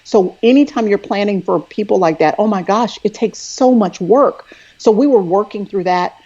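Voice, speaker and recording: A woman's voice: medium pitch, moderate pace, warm tone, highs cut off. A middle-aged woman talking casually and earnestly as a guest on a live video call, telling a story in a thoughtful way. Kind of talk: casual conversation over a live video stream.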